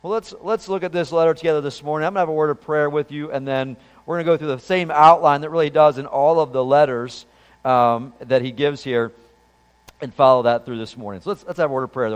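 A man's voice: a little high, fairly even intonation, fast, clean tone, big-room sound. A man preaching a sermon as pastor, talking in a conversational way and asking the congregation questions. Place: church sanctuary.

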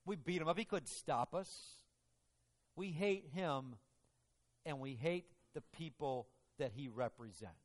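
A preacher playing a sneering Roman soldier. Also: male voice, on the high side, a little slow, lightly acted. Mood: contemptuous. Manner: mocking, contemptuous. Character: proud sneering Roman soldier, adult man. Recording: long reverb of a large hall.

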